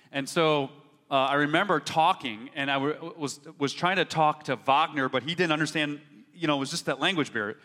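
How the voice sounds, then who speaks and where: Bright-voiced preacher in a reverberant hall. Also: male voice, a little high. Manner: storytelling, rising to emphatic peaks. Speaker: pastor. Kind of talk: sermon.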